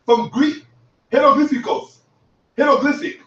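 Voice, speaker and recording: A man giving heated commentary on other online creators, boastful and profane, sometimes shouting. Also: very high voice, moderate pace. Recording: echoey room, distant from mic, dull audio.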